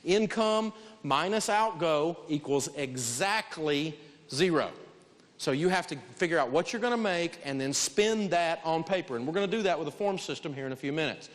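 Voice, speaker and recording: Man, financial teacher, preachy, shouting for emphasis, slightly high voice, long hall reverb. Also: expressive, normal speed. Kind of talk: live classroom lesson. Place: large hall with a live audience.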